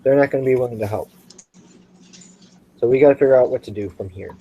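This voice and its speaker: Male tabletop player, insistent and practical, average pitch, dull lo-fi recording. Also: fast talker, breathy edge. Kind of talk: tabletop game play. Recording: dull lo-fi mic.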